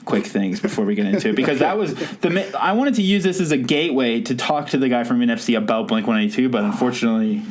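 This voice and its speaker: A man's voice: medium pitch, lively intonation, fast talker, hardly any pauses, slight background noise. A man hosting a podcast in casual chat, rambling and laughing at his own stories. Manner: rambling, self-amused, laughs often. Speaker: podcast host.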